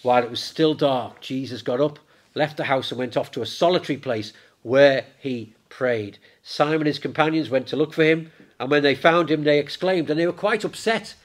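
A man preaching a sermon in church, lively and conversational, raising his voice when he acts out the disciples. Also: on the high side, moderate pace. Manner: animated, acts out the disciples in a raised voice.

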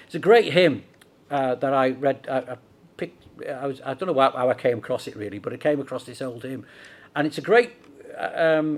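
This middle-aged man from Liverpool, England speaks with a Scouse accent and a darkish, fairly high voice. He delivers a sermon in a chatty style, peppered with rhetorical questions.

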